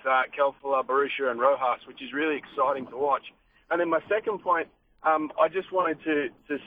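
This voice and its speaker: A man's voice: on the high side, a little hiss or hum. Enthusiastic male fan on a phone line. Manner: enthusiastic, fluent fan talk. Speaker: caller. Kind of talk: talk radio phone-in.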